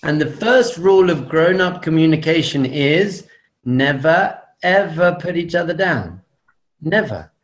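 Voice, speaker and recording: A man's voice: fairly high pitch, lively intonation. Man giving a jokey, emphatic talk. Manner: jokey, emphatic repetition, teasing pauses. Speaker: guest speaker, rabbi. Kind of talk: humorous talk to an audience.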